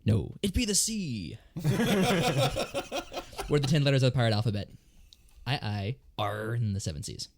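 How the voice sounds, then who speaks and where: A man's voice: medium pitch, animated, moderate pace, gravelly, pauses often, background noise. Playful man telling cheesy jokes. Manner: playful storyteller, puts on pirate voices in jokes. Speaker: band guitarist. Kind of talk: casual chat, telling jokes.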